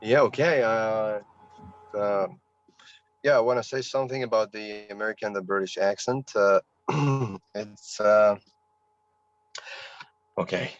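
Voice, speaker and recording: A man's voice: on the low side, unhurried, pauses often, no room sound. Hesitant man on a dull video call. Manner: hesitant, many fillers. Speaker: student. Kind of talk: casual online class chat.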